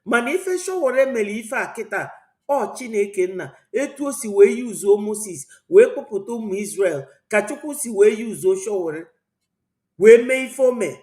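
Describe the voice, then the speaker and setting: A woman's voice: medium pitch, lively intonation, normal speed, warm tone. A woman from Southeast Nigeria with an Igbo accent hosts a political commentary vlog, talking in a rambling, preachy way. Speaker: channel host. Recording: roomy echo.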